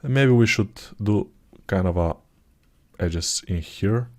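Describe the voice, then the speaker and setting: A man talking through his 3D sculpting work in a live tutorial, thinking aloud in a relaxed, self-deprecating way, with typing heard behind him. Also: on the low side, takes it slowly. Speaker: 3D artist tutor.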